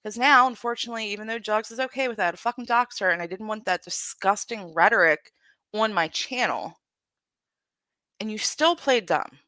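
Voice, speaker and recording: A woman's voice: medium pitch, moderate pace, bright, forceful tone, no room sound, clean studio sound. A woman hosting a livestream, ranting bluntly and swearing freely. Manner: profane, blunt, venting. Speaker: livestream host. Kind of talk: heated livestream rant.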